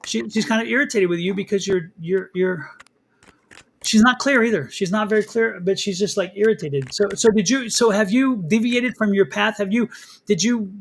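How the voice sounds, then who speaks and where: A man's voice: sits high, normal speed, creaky. A man hosting a live tarot reading, chatty and teasing, often repeating himself. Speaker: psychic reader and host.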